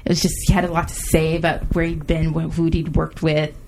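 A woman's voice: low-pitched, flat delivery, fairly quick, background noise. A woman co-hosting a casual podcast chat, talking eagerly and repeating words for emphasis. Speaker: co-host.

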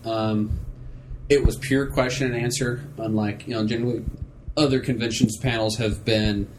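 A man's voice: mid-range voice, fairly even intonation, normal speed, background noise. A man co-hosting a casual podcast chat, rambling with plenty of fillers. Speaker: co-host.

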